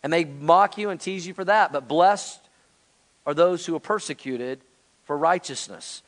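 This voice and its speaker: A man's voice: sits high, fairly bright tone. A man in his forties, a pastor, preaching a sermon in an earnest, conversational way to his congregation. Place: church sanctuary.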